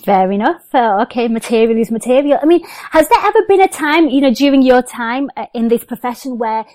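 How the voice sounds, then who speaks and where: A woman's voice: on the high side, animated, brisk, a little mellow, dry recording. A young woman hosting a podcast, asking long rambling questions in an enthusiastic, chatty way. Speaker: podcast host. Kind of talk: casual interview chat.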